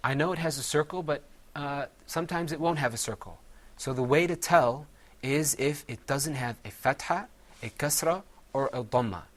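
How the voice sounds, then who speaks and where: A man teaching a Quran recitation class, patiently quizzing his students and drilling words slowly with them. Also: on the high side.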